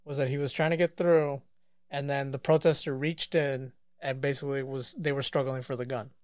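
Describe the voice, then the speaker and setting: A man co-hosting a podcast, bantering over news clips with constant swearing and excitable outbursts. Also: medium pitch, brisk, no echo. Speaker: podcast co-host.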